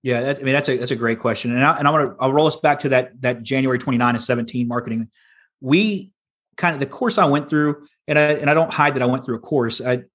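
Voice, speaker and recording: Here is a man in his thirties, a podcast guest retelling his early business years. He talks in a plain, folksy way, animated as he acts out what he said back then, and his voice sits at an ordinary middle pitch. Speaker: podcast guest, land investor. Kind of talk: casual storytelling interview.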